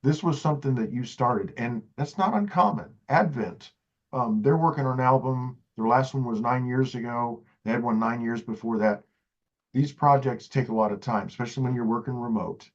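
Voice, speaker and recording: A man's voice: mid-range voice, moderate pace, dull audio. A man hosting an interview, earnest and enthusiastic, restarting phrases as he builds his point. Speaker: interview host. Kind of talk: casual interview chat.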